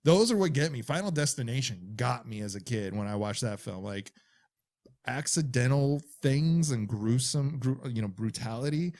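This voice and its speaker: A man's voice: mid-range voice, animated, moderate pace, a little mellow. A man co-hosting a horror film podcast, talking casually, laughing and quoting lines from the film. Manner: chatty, laughs, quotes dialogue. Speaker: podcast co-host. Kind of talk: casual chat.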